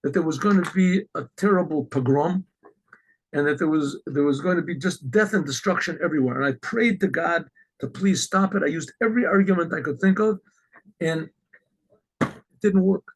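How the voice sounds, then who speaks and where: A man voicing a wise old rabbi gravely explaining to his congregation, in a told story. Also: a little high, normal speed, rough recording.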